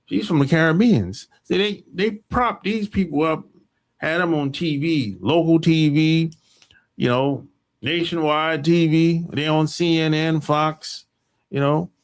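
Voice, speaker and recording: Speaking in an unhurried voice that sits on the high side, a podcast host from the United States rants at length. His opinion monologue rambles, hits hard with emphasis, and is full of swearing.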